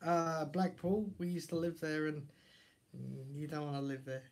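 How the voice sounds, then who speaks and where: Man, live-stream host, playful teasing banter, relaxed chat. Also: fairly high pitch, moderate pace. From Essex, England. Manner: teasing, jokey banter with his kid.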